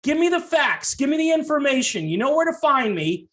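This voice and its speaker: A man ranting to camera on his music commentary channel, frustrated and yelling, sarcastic, swinging between loud outbursts and low mutters. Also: sing-song, a little fast. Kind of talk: heated rant to camera.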